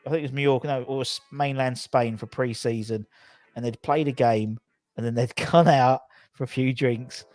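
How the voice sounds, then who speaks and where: A man hosts a casual football fan chat show, rambling cheerfully from one story to the next and reading out viewer comments. His voice sits at an ordinary middle pitch. Faint music plays underneath. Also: steady tone, moderate pace, darkish tone, no room sound. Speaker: podcast host.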